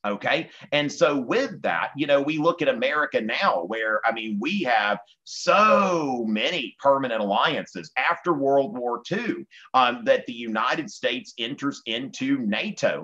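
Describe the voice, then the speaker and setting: Male history teacher with a Southern US accent, chatty lecture full of fillers, bright tone, muffled lo-fi sound. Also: medium pitch, unhurried, hardly any pauses. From Virginia. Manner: conversational, many fillers, animated quotes. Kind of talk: online exam-prep lecture.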